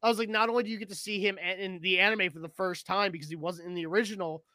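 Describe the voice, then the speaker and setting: A man co-hosting a casual chat, excitable and swearing freely as he acts out his own reactions. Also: high-pitched, very fast, dry recording. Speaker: podcast co-host.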